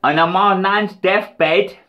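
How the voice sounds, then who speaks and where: A man's voice: high voice, fairly even intonation, takes it slowly, lo-fi sound. A British man ranting in a rambling, profane, taunting diss vlog. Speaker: vlogger.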